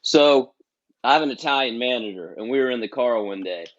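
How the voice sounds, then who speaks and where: A man chatting as a guest, telling an animated story and acting out other people's lines. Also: medium pitch, brisk, muffled recording. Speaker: guest musician. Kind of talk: casual chat.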